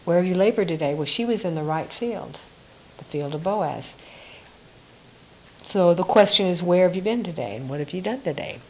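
A woman giving a reflective devotional Bible teaching, musing aloud with soft laughs. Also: on the low side, expressive, normal speed, long pauses, rough recording.

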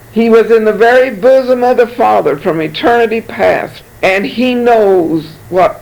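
A man's voice: high-pitched, creaky, darkish tone, rough recording. A man preaching a sermon, reading Bible verses aloud and commenting on them, often repeating words as he goes.

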